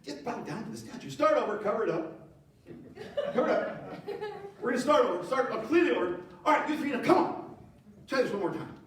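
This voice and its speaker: A preacher voicing a boastful, vain male king in a loud, comic, exaggerated way. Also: on the low side, a little slow, pauses often, voice pushed down, close to an everyday voice. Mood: coaxing. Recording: echoey hall, distant mic.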